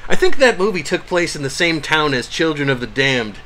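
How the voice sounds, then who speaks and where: A man's voice: fairly high pitch, background noise. A man co-hosting a live podcast in casual chat, joking and sarcastic, laughing often. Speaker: podcast co-host.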